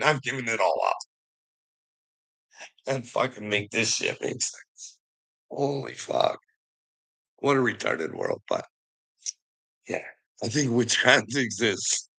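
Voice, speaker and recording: A man's voice: creaky, slightly rough, rough recording. Man ranting profanely, tense voice. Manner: swearing constantly, swings from low muttering to shouting; laughs between lines. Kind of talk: profane emotional rant.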